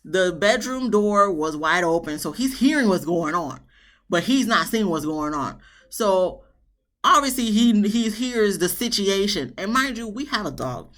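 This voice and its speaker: A woman talks straight to her viewers in a loose, chatty vlog review. Her delivery is emphatic and a bit dramatic, full of asides and repeated punch lines, at an ordinary mid pitch for a woman. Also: expressive, unhurried, fairly bright tone. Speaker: TV show reviewer.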